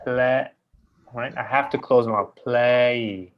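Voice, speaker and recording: A man teaching an English pronunciation lesson, drawing out model sounds slowly and often checking in with "right?". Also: medium pitch, fairly even intonation, muffled recording.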